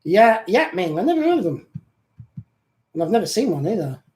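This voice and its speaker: A man's voice: high-pitched, sing-song, brisk, warm tone, rough recording. Joking British man chatting on a live stream. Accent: British with some Australian. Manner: joking, reads viewer comments aloud. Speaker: co-host of a live chat. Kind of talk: casual live-stream chat.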